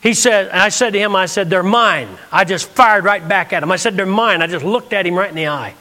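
A man's voice: high-pitched, fast talker, pushed and bright, big-room sound. A man preaching a sermon from the United States, telling a story and acting out the dialogue.

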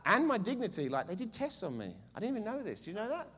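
A middle-aged man with an Essex English accent, preaching a sermon with jokey asides and loud bursts of enthusiasm. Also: high voice, huge pitch swings, quick pace, slightly rough. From England.

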